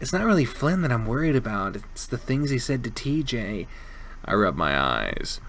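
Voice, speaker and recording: A man plays a story game for his viewers at his desk microphone, one earbud in, reading its text aloud and chatting between lines. His voice is gravelly and lively in pitch, breaking into jokes and laughter often. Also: normal speed, slight background noise. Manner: joking, laughs often, swears casually. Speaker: let's play streamer. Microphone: desk microphone, wearing one earbud.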